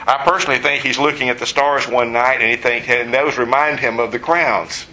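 A man's voice: mid-range voice, fairly even intonation, fairly quick, bright, forceful tone, low-quality recording. A man preaching a conversational teaching sermon, explaining verses and adding joking asides.

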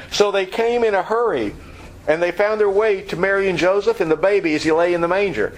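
A man preaching an expository Bible lesson, explaining word meanings and acting out scenes with lively energy. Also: high voice, fairly quick, a little hiss or hum, rough recording. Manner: animated, acts out scenes. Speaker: pastor.

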